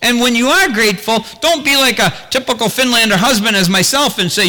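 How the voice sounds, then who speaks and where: A man's voice: very high-pitched, a little fast, pushed and bright, in a large hall. A man preaching a sermon as pastor, talking earnestly and putting rhetorical questions to the congregation.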